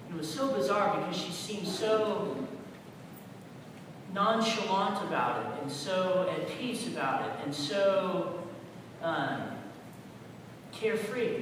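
Pastor guy preaching, high voice, lots of repeated questions, big echoey church, mic far away, rumbly noise. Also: animated, unhurried. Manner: rhetorical questions, emphatic repetition, swings between loud and quiet. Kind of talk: sermon. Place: large echoey church sanctuary.

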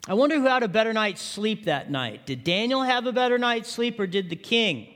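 A man's voice: high voice, animated, a little fast, few pauses, fairly bright tone. A male pastor preaching a sermon, often asking the congregation questions. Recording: long reverb of a large hall.

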